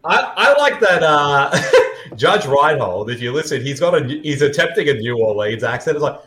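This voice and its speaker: A man's voice: on the high side, sing-song, moderate pace, bright, forceful tone, slight background noise. A man co-hosting a casual movie commentary, joking and laughing often. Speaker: podcast co-host watching a film. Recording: roomy echo.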